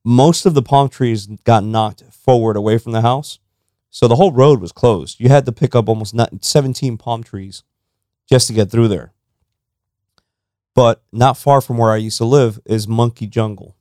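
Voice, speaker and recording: A man's voice: medium pitch, moderate pace, mellow, dry recording, clean studio sound. A man in his forties from South Florida, co-hosting a casual chat over beers, telling stories in a laid-back way. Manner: laid-back storyteller, uses "bro". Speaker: podcast co-host.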